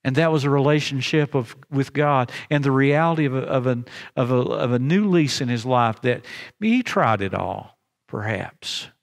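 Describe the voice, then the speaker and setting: A man preaching a sermon as pastor, earnest, with halting restarts, slowing down for emphasis. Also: medium pitch, animated, gravelly. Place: chapel. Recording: long reverb in a chapel.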